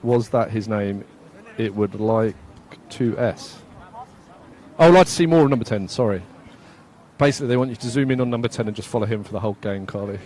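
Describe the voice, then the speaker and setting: A man's voice: on the low side, a little fast, darkish tone, a little hiss or hum. A man from England giving casual, self-mocking live commentary at an outdoor football match, laughing often and reading out viewer comments.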